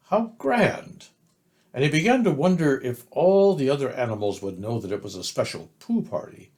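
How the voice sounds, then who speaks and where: An older man reading a children's book aloud, narrating slowly and gently. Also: medium pitch. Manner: slow, gentle, expressive narration. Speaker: storyteller.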